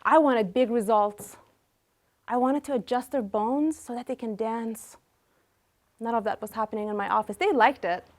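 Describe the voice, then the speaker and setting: A woman chiropractor in her thirties telling a personal story with animated delivery, acting out what people said. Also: on the high side, moderate pace. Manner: animated, acts out quotes.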